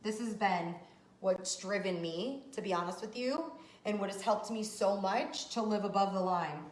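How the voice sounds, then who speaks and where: A woman who hosts a podcast and works as a business coach gives a fired-up, emphatic motivational talk, cursing casually while urging listeners on. Her voice is medium-pitched at a moderate pace, recorded in a roomy, echoey room.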